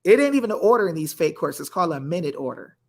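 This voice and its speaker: A man co-hosting a livestream who talks in an excitable, preacherly way, often calling his viewers y'all. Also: a little high, racing, vocal fry. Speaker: livestream co-host. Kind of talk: animated live-stream talk with Bible reading.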